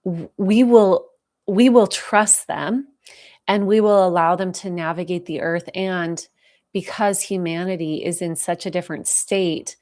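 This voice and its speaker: A woman giving a live spiritual talk, speaking softly and slowly with heartfelt pauses as she answers viewer questions, moved close to tears. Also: on the low side. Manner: soft, heartfelt, slow and reflective with pauses.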